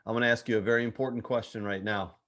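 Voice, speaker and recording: A man's voice: fairly low pitch, steady tone, rapid-fire, fairly bright tone. Upbeat male soccer show host. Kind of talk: casual sports chat.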